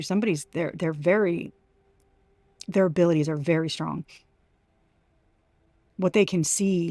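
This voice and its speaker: A woman with a somewhat low voice giving an intuitive tarot reading. She talks emphatically and in bursts, stopping and restarting her sentences. The recording is dry and close, with no room echo. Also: a little mellow. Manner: emphatic, halting, full of restarts and exclamations. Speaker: tarot reader.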